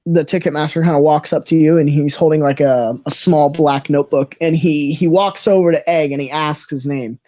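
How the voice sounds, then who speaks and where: Brief: young game master, relaxed rambling narration, dry muted mic. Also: male voice, on the high side, a little fast, hardly any pauses, dry recording, lo-fi sound. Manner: loose, casual narration with fillers.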